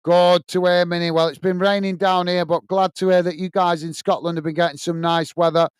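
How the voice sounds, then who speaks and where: A man's voice: sits high, flat delivery, a little fast, clear, resonant tone, no echo, clean studio sound. A man hosting a football watch-along, chatting casually and reading out viewer comments, full of filler uhs and calling everyone mate. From England. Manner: casual and chummy, many filler uhs, calls people mate. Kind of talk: live stream chat reading.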